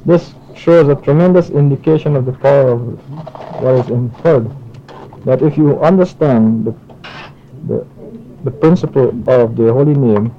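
A man giving an informal spiritual lecture and taking questions, talking in a halting way with many restarts and fillers. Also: mid-range voice, dull audio, a little hiss or hum. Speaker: spiritual teacher.

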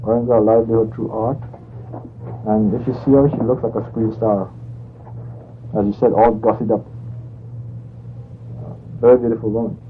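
A man recounts a story in a loose, rambling manner, stopping to correct his own numbers and details. His voice is mid-pitched and comes through a narrow, phone-like line with a faint hiss underneath. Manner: rambling, self-correcting, conversational. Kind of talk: anecdotal storytelling.

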